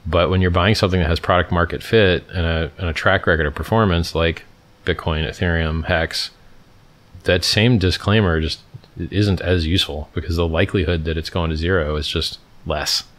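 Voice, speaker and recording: A man's voice: low voice, steady tone, normal speed, a bit bright. A middle-aged man hosting a livestream, reading out and answering chat questions in a blunt, offhand, casual way. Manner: blunt, offhand, lots of "like" and "dude".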